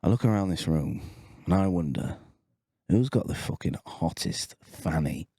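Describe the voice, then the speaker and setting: A man quoting a low-voiced, conspiratorial coworker. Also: animated, moderate pace, dark tone, dry recording, clean studio sound. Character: crude joking male ex-coworker, low-voiced.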